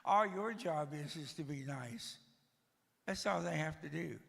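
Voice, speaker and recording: Gravelly older man telling dry jokes. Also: a little high, measured pace, fairly bright tone, long reverb tail. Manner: dry, joking storyteller. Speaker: guest speaker. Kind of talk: storytelling talk to a church audience. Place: church.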